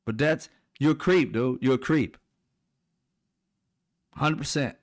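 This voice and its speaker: A middle-aged man hosts a commentary channel, delivering heated political commentary in a blunt, profane, mocking way. His mid-range voice moves at a slow pace.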